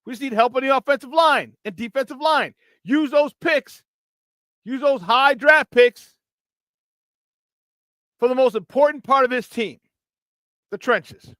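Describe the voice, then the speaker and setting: Male sports talk host, high-pitched, dry studio mic, angry rant with mocking asides. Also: normal speed, fairly bright tone, dry recording. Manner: frustrated, profane, mocking impressions.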